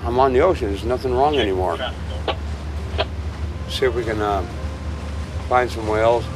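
Noise fills the background as a medium-pitched man speaks at a moderate pace. He is a boat owner in his sixties, interviewed outdoors at home and by the harbor, chatting openly, rambling, and laughing easily.

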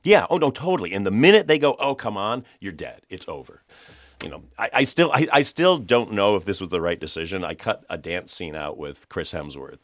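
Man, very low voice, dry close sound, chatty film director, animated, laughs a lot. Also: brisk, no echo. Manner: animated, chatty, laughs often, many restarts. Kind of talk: conversational interview.

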